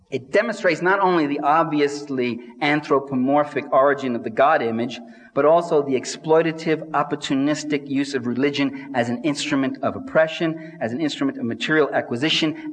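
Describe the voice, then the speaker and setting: A man giving a satirical public lecture to a live audience, sardonic and mocking. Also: a little high. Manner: sardonic, mimics quoted people with exaggerated voices. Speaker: speaker addressing a live audience. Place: large hall with audience. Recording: distant reverberant hall recording.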